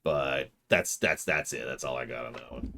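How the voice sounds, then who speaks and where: A man's voice: rumbling low, steady tone, normal speed, vocal fry, pushed and bright, a little hiss or hum. A man streaming a game and chatting with his viewers, rambling as he works through puzzles aloud. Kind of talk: casual livestream commentary.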